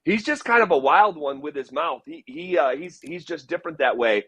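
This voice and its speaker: A man, a sports radio host joining as a guest, breaking down football in a casual, emphatic and animated way. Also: on the high side, slightly rough, no echo. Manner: animated, emphatic, fast riffing.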